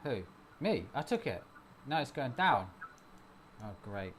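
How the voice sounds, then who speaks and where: Excitable man chatting live. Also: mid-range voice, takes it slowly, a little hiss or hum. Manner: excitable, cheers on his trades out loud. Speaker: live-stream host and trader. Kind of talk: casual chat.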